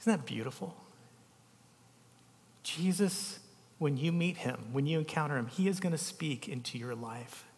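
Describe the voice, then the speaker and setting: A male pastor from the United States with a slightly high voice, preaching a heartfelt sermon full of personal stories. He swings between lively emphasis and soft, tender lines. The sound carries the long reverb of a large hall. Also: unhurried, pauses often. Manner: emotional, storytelling, speaks softly at tender moments.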